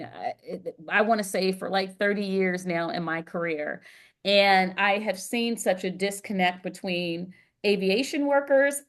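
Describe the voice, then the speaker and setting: A middle-aged woman co-hosting a podcast, telling stories in a lively way with frequent filler words. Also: medium pitch. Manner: animated storyteller, frequent "um" fillers. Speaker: podcast co-host and performer. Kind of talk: casual chat.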